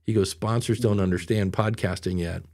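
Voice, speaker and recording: A middle-aged man hosts a casual podcast chat, telling rambling, self-deprecating stories. His voice is on the low side and darkish, with fairly even intonation and a moderate pace.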